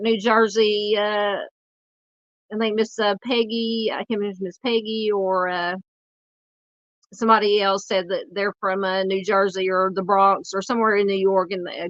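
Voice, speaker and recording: A woman in her forties with a Southern US accent, hosting a true crime livestream and chatting loosely with viewers, halting and full of fillers. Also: mid-range voice, level tone, no room sound, lo-fi sound. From United States. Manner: rambling, halting, lots of fillers while searching the screen. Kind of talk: casual livestream chat reading comments.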